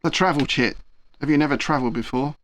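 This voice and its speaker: A curt, gruff giant of a mechanic, voiced by a man at the game table. He snaps short, rude questions with no patience for anyone. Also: fairly high pitch, fast, slight background noise, pitched above the performer's own voice, close to an everyday voice.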